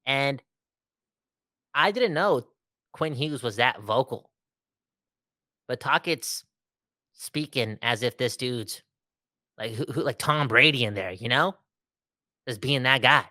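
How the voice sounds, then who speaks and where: A man co-hosting a casual sports podcast, jumping around in pitch and cracking jokes. His voice is bright and a bit pressed. The sound is close and dry, with no room around it. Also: takes it slowly, pauses often, no room sound. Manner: animated, joking, with many fillers and restarts. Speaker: podcast co-host.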